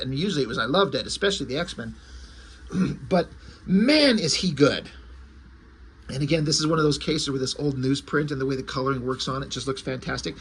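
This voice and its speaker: A man's voice: on the high side, a bit bright, slight background noise. A man casually reviewing an old comic book, rambling and correcting himself as he goes, with the odd swear word.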